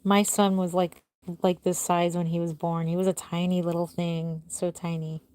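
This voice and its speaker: A woman's voice: flat delivery, normal speed, smooth. A middle-aged woman who makes reborn dolls, chatting casually with viewers on a live stream from home and answering their comments one by one. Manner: chatty, answers viewers one by one, drifts soft and low at the ends of thoughts. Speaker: reborn doll artist hosting a live stream.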